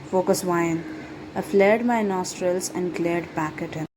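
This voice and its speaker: Woman reading a romance fanfic aloud, lowish voice, lovestruck and dramatic, noisy background hum. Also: a little slow. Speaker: fan fiction reader. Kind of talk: first-person story narration. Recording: steady background noise.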